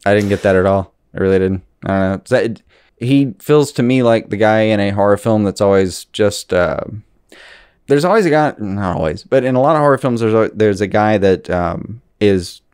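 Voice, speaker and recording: A man's voice: on the low side, expressive, normal speed, darkish tone, smooth, no echo, clean studio sound. A man co-hosting a podcast, easygoing and wry, chatting casually and laughing at himself. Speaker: podcast co-host. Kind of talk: casual chat.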